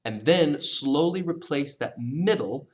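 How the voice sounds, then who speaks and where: A man teaching English pronunciation, patiently repeating words slowly for learners to copy. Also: a little high, animated, darkish tone, lo-fi sound. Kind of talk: pronunciation lesson.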